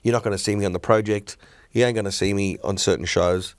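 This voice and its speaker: A man's voice: lowish voice, fast, no echo, clean studio sound. A middle-aged man, a stand-up comedian talking bluntly and animatedly in a casual podcast chat. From Australia. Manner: blunt, opinionated, animated storytelling.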